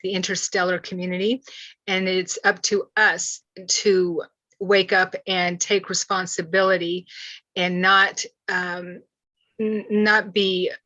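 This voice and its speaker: A woman hosting a spiritual channeling talk, speaking earnestly with halting restarts over a video call. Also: on the low side, flat delivery, pushed and bright, dry recording. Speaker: host. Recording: dull, slightly lo-fi.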